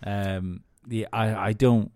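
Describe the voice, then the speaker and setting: A man's voice: on the low side, fairly even intonation, takes it slowly, darkish tone, no echo. A man co-hosting a podcast in casual comic chat, swearing freely and often restarting his sentences. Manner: sweary, hesitant restarts, dry humour. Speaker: podcast co-host.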